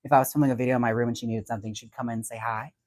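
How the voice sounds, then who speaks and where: A man's voice: medium pitch, fairly even intonation, racing, darkish tone, no echo. A man hosting a casual livestream, chatty and giggly as he talks about wigs and reads out viewer comments. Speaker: livestream host and wig stylist.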